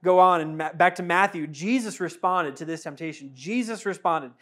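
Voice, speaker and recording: Male pastor with a high voice, conversational, animated sermon delivery. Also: normal speed. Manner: conversational, animated, rhetorical questions.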